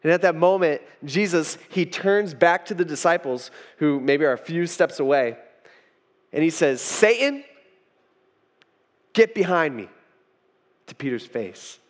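Chatty preacher in a reverberant hall. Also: male voice, fairly high pitch, moderate pace. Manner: chatty, acts out quotes, many fillers. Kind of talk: casual storytelling sermon.

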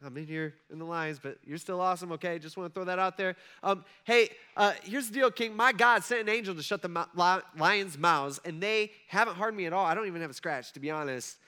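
Guy pastor preaching, chatty asides, high bright voice. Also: a little fast, hardly any pauses, clean tone. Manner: conversational, frequent asides and check-ins with the audience. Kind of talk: sermon.

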